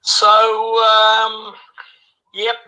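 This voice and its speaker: Older NZ man, 60s, bright forceful voice, slightly high, chatty, rambling, leans on "eh?". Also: completely flat delivery, very slow, low-quality recording. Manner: chatty, peppers every line with "bloody" and "eh?". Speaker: caller sending a voice message. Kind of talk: rambling rugby opinion message.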